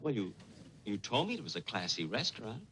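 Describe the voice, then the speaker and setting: A fussy, deadpan tourist, as a comedian plays him in a 1950s TV sitcom. His bright voice swoops up and down as he counts slowly and hesitates. The sound has a faint hiss behind it. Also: lowish voice. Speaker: comedian playing himself as a tourist.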